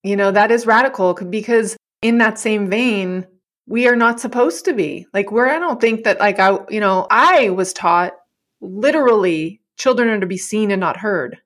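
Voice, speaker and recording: A woman's voice: mid-range voice, normal speed, a bit bright. A woman talking frankly and animatedly in a casual chat, often with a laugh in her voice.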